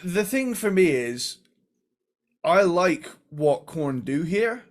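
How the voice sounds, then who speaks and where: A man co-hosting a casual music ranking talk show, laid-back and quick to laugh, with lots of filler words. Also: high voice, big pitch swings. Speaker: podcast co-host.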